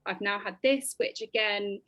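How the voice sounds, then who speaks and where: A woman in her thirties, a podcast guest telling her personal story in an animated, expressive way with lots of ums. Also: medium pitch, measured pace, no room sound.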